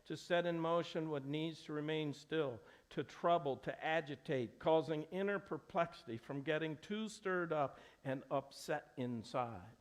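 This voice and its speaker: A middle-aged man preaching a sermon in a church, earnest and conversational, often restarting his sentences. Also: on the high side. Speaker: pastor. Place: church sanctuary.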